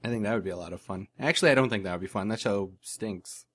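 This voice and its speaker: A man's voice: lowish voice, quick pace, a bit bright. Podcast co-host, man, dry sarcastic jokes, casual chat.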